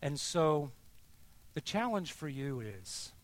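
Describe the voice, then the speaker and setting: A male pastor delivers a sermon at a slow, weighty pace. His voice sits a little high for a man, and he moves between emphatic declarations and hushed, near-whispered questions. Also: very animated.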